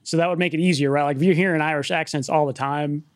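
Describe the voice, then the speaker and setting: A man with a fairly high voice chats in an easygoing, laid-back way on a podcast. His voice sounds dry and close to the mic. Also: steady tone, quick pace, dry recording. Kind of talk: casual chat.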